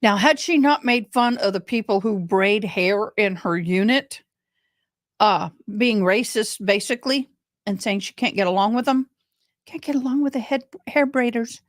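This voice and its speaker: A woman's voice: a little high, normal speed, no room sound, studio quality. A woman hosting casual crime commentary, chatty and rambling, often going off on tangents.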